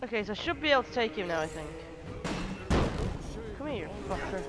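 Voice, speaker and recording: A woman's voice: medium pitch, big pitch swings, very fast. A woman doing let's play commentary, swearing and talking back to the game in exasperation. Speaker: gameplay commentator. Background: game music.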